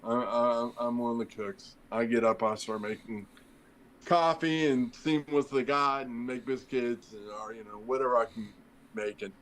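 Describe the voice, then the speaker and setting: A middle-aged man, formerly a firefighter, talks as a podcast guest at a moderate pace in a mid-range, fairly bright voice with fairly even intonation. His long story rambles casually, with quoted dialogue acted out and frequent fillers. The recording is rough.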